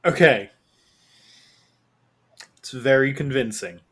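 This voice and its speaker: A man of middling pitch narrating as game master of a tabletop game. He talks in a relaxed way, laughs easily and lets his sentences wander. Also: takes it slowly.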